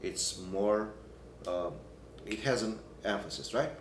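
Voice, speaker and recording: A man teaching a Byzantine chant class, explaining in halting phrases and breaking into short sung examples. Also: fairly low pitch, slight background noise. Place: church hall or classroom. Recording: echoey room, recorded from a distance.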